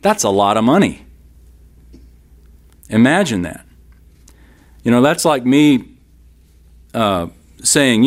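A man's voice: mid-range voice, big pitch swings, slow, long pauses. A man teaching a Bible class in a sermon style, emphatic, repeating key lines and speaking straight to his listeners.

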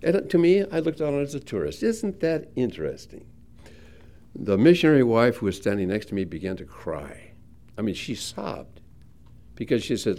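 Warm, lively male preacher. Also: mid-range voice, normal speed. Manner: animated, conversational storytelling with emphatic rises. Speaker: pastor teaching the Bible. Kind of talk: expository Bible teaching sermon.

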